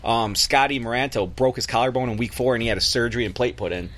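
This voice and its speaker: A man's voice: mid-range voice, fast talker, a bit bright. A man telling long rambling stories in casual chat on a podcast. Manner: rambling storyteller, laughs at own stories.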